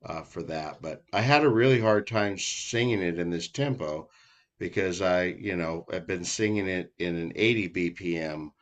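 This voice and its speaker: A man songwriter talking over feedback on his song, soft-spoken and hesitant. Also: deep voice, moderate pace, dull audio. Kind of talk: casual discussion.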